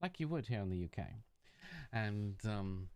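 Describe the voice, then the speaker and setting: A man's voice: fairly low pitch, animated, moderate pace, darkish tone, clean tone. A British man co-hosting a live podcast chat, telling stories casually and swearing freely. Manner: chatty storyteller, swears freely. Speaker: podcast co-host.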